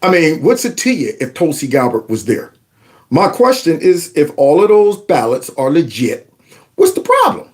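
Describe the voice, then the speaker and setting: A man's voice: a little high, very animated, moderate pace. A man hosting a political commentary show, reacting to news clips with sarcastic, mocking rhetorical questions and casual colloquial talk. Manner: casual colloquial speech with y'all.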